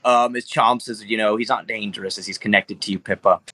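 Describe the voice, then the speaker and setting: A man's voice: on the low side, steady tone, fairly quick, pushed and bright. A man narrating as game master of a tabletop game, rambling loosely with lots of fillers and easy laughs.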